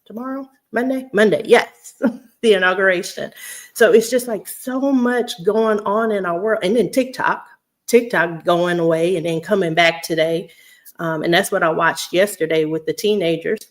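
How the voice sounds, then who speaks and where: A woman's voice: fairly low pitch, moderate pace. A woman from Houston, chatting casually to her viewers and laughing often. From Houston, Texas. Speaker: vlogger.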